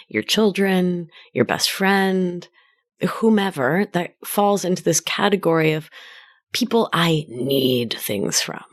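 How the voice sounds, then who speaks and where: Gentle woman coaching on a podcast. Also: on the low side. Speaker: podcast host and life coach. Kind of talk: solo podcast monologue.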